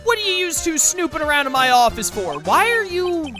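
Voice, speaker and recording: A woman voicing a brash male mobster loan shark in a game, gruff and bullying with street slang. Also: high-pitched, sing-song, brisk, music in the background, voice pushed up. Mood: angry.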